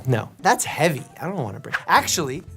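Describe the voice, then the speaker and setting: A man's voice: on the high side, sing-song, fairly quick, sharp tone, soft background music. A man in his thirties, a doctor, casually reacting to memes in a playful, jokey way, laughing often and sometimes stopping to explain medical facts. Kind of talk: casual meme reaction commentary.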